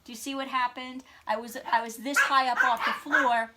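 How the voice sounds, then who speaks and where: A woman dog trainer demonstrating, mixing quick commands to her dog with upbeat explanation. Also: high voice, fairly even intonation, very noisy.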